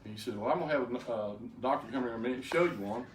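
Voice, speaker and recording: A man's voice: mid-range voice, rapid-fire. Brief: older man, folksy testimony, stammering restarts, echoey room with faint noise behind. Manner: plainspoken storyteller with frequent stammered restarts. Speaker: speaker giving a personal testimony. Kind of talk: folksy personal testimony to a group. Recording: roomy, distant mic, faint background noise.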